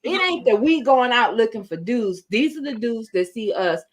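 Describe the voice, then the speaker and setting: A woman's voice: fairly high pitch, animated, normal speed. A woman on a podcast chiming in during casual chat with wry, knowing comments. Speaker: podcast co-host.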